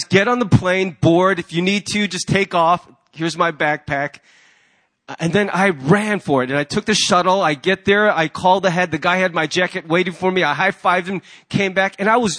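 A male pastor preaching a sermon, telling a story with lively acted-out voices. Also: sits high. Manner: animated storyteller, acts out the people in his anecdotes.

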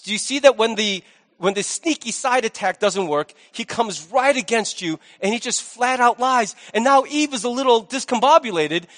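A male pastor preaching a sermon in a lively, conversational way with jokey asides, in a large church hall. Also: very high voice, normal speed. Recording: long hall reverb.

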